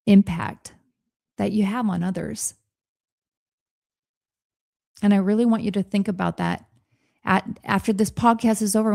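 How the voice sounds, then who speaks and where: A woman's voice: mid-range voice, creaky, warm tone, no room sound, studio quality. A woman in her forties hosting a podcast, speaking to listeners in an earnest, encouraging coaching talk from a home office.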